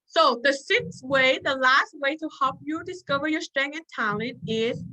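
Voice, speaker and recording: A woman's voice: high voice, normal speed, bright, forceful tone, rough recording. A woman leading a self-help workshop, earnest and repetitive, often checking in with her listeners. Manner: earnest, repeats points, checks in with "okay?". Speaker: workshop leader.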